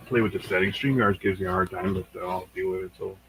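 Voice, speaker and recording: Low, quick-talking male guest. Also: a crowd in the background, poor audio. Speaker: livestream guest. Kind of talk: casual chat.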